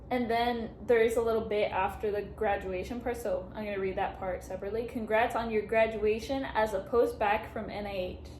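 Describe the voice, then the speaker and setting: A woman's voice: mid-range voice, darkish tone. A young woman chatting emotionally in a casual vlog, gushing as she reads a card aloud. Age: young adult. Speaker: vlogger. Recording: echoey room, faint background noise.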